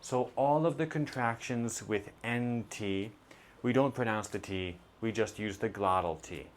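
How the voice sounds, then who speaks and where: A man teaching a pronunciation lesson, modeling sounds slowly and deliberately. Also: lowish voice, a little hiss or hum.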